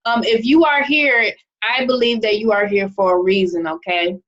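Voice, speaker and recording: A woman's voice: mid-range voice, steady tone, normal speed, a bit bright. A young adult woman giving a casual presentation on a video call, chatty and often checking in with "okay?". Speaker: online marketing presenter. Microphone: video call microphone. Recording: muffled video call audio.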